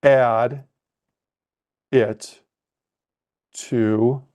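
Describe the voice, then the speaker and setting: A man coaching a live webcast lesson, thinking aloud and correcting himself as he clicks through trading software. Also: mid-range voice, fairly even intonation, very slow.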